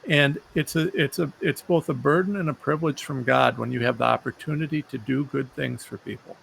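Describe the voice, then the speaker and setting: A man's voice: mid-range voice, fairly even intonation, a little fast, creaky, a bit bright, slight background noise. A man hosting an interview, talking earnestly and often repeating words as he gathers his thoughts. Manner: earnest, repeats words while searching for them. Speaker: show host. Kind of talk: conversational interview.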